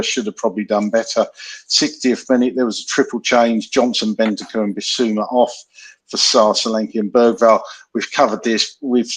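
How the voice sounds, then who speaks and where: A man's voice: lowish voice, slightly rough, low-quality recording. A man hosting a football podcast, running through the match minute by minute in casual chat. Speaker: podcast host.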